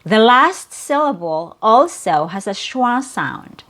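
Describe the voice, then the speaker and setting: A woman's voice: on the high side, big pitch swings, slow, fairly bright tone. A woman teaching English pronunciation, patiently repeating and drilling each sound. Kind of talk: slow, careful pronunciation lesson.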